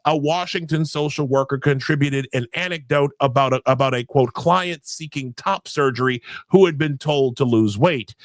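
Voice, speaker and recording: A man's voice: mid-range voice, no echo. A man hosting a podcast, reading quotes aloud with sarcastic asides, swearing and stammering through restarts. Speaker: podcast host. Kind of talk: casual podcast chat, reading documents aloud.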